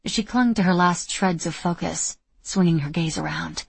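A woman reading a novel aloud in steady, measured scripted narration. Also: fairly low pitch, husky, no room sound. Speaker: audiobook narrator.

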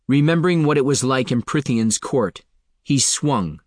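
A man narrating a fantasy novel in a steady, even storytelling voice. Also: medium pitch, moderate pace, dry recording, clean studio sound. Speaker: audiobook narrator. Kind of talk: scripted narration.

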